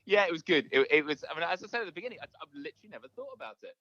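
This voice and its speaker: A man's voice: fairly high pitch, lively intonation, rapid-fire, a bit bright, no echo, dull audio. Man on phone, hesitant, stumbles and repeats words, dry close sound. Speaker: preacher. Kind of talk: casual chat. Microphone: phone call.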